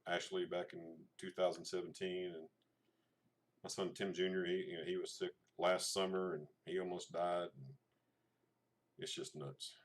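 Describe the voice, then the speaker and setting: A man's voice: sits low, level tone, moderate pace. A middle-aged man, chatting casually to a livestream audience, rambling with many fillers and restarts. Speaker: channel host. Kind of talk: casual livestream chat showing photos.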